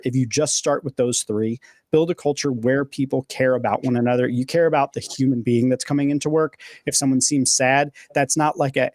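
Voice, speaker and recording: A man's voice: mid-range voice, a little mellow, dry recording, studio quality. A man hosting a leadership podcast, talking in an enthusiastic, conversational way with plenty of "um" and "like". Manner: enthusiastic, filler-heavy, conversational. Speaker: podcast host. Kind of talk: casual leadership discussion.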